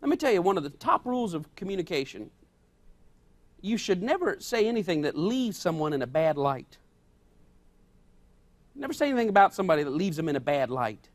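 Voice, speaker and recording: A man's voice: sits high, sing-song, brisk, pauses often. A male pastor preaching a sermon in an emphatic way, repeating his key points.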